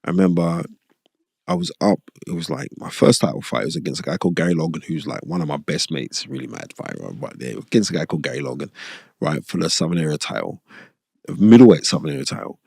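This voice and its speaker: A middle-aged man, a podcast guest, telling stories in an animated, rambling, streetwise way with a lot of repetition. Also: very deep voice, quick pace, vocal fry, breathy edge, dry recording, studio quality. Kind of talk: casual storytelling interview. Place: podcast studio.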